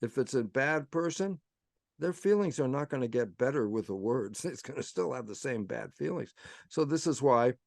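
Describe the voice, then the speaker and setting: A man's voice: medium pitch, lively intonation, normal speed, vocal fry, a little mellow, no room sound, clean studio sound. A man giving an explanatory talk as a guest speaker. He tells it as a story, acts out quoted dialogue with "I say" and "I go", and pushes his points with rhetorical questions. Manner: frequent self-quoting with "I say" and "I go".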